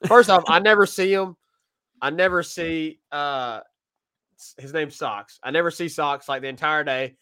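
A man's voice: fairly high pitch, normal speed, bright, forceful tone, clear, resonant tone. A man co-hosting a sports podcast, chatting casually and often laughing, with plenty of fillers.

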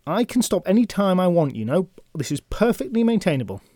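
A man's voice: high voice, very animated, fairly quick, dark tone, dry recording, clean studio sound, pitched above the performer's own voice. A man voicing a petulant, possessive knight who collects captured knights, with a childish, whiny way of talking.

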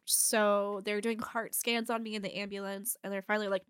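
A woman's voice: medium pitch, little pitch movement, brisk, hardly any pauses, clean tone, dry recording, studio quality. A woman in her forties telling a personal story in casual chat, candid, swearing and laughing as she goes.

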